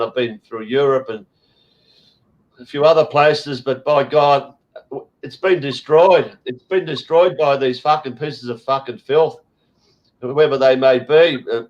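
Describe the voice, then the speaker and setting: A man's voice: mid-range voice, lo-fi sound. An Australian man hosting a casual chat, ranting bluntly with lots of swearing and fillers. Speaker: host.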